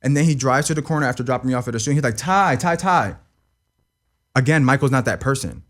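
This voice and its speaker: A young man talks rapid-fire in a medium-pitched voice, giving an emotional personal account of something painful as an interview guest. He rambles and repeats himself, swearing and constantly asking "you know what I mean."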